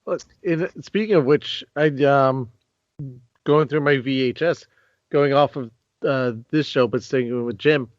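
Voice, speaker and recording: A man co-hosting a podcast, talking about a film in a laid-back, halting way. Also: medium pitch, dry recording, lo-fi sound. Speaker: podcast co-host. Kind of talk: casual movie commentary chat.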